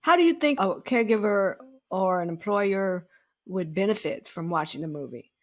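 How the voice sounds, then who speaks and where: A woman's voice: mid-range voice, animated, moderate pace. A woman hosting a podcast, asking questions and putting in short affirmations. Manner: brief affirming interjections. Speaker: podcast host. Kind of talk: interview questions.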